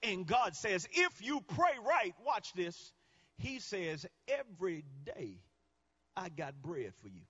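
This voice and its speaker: A male guest preacher delivering a sermon, swinging between quiet teaching and shouted climaxes. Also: sits high, sing-song, slow, slightly rough, dull audio.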